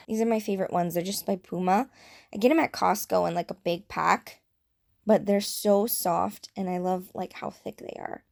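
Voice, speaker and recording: A young woman vlogging in a casual, chatty way, giggling often and filling her talk with "like" and "um," with a slightly rough morning voice. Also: mid-range voice, steady tone, moderate pace. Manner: chatty, giggly, lots of fillers. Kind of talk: casual vlog chat.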